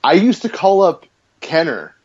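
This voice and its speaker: A man's voice: on the high side, very animated, unhurried, darkish tone, husky. Laid-back man on a dull recording. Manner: laid-back, laughing often, reminiscing. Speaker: podcast co-host. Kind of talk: casual chat.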